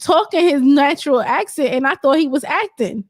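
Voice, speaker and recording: A woman co-hosting a casual chat show, animated and quick to laugh, often talking over the others. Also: high voice, no room sound, clean studio sound. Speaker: podcast co-host.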